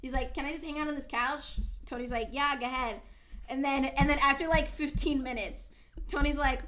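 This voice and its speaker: A young woman co-hosting a casual podcast, reading fanfiction aloud and rambling crudely with animated impressions. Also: high-pitched, a little fast. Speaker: podcast co-host.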